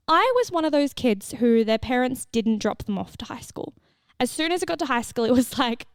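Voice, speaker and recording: A young woman hosts a solo podcast with a somewhat high voice, chatting candidly and swearing freely. She is recorded close on a mic in a dry, dead room with no echo. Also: animated, quick pace, gravelly. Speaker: podcast host and fitness coach. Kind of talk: casual solo podcast chat.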